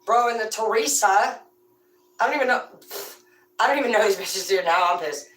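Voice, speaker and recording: A woman's voice: mid-range voice, lively intonation, moderate pace, fairly bright tone. A woman hosting a tarot channel, ranting casually with brash, profane, rambling talk. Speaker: tarot reader and host. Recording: echoey room, voice far from the mic.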